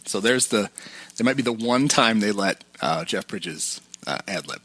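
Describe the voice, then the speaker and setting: A man co-hosting a casual film podcast who walks through the plot scene by scene. His voice is bright and forward, and it was recorded close in a dry, dead-sounding room. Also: on the low side, animated, moderate pace, slightly rough, dry recording. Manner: recaps the plot and acts out quotes. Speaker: podcast co-host.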